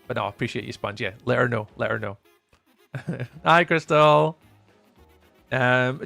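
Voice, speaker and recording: A young man chatting casually with viewers while live streaming, playful and often trailing off into a softer voice. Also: mid-range voice, animated, unhurried, gravelly, pauses often, no echo, faint music behind.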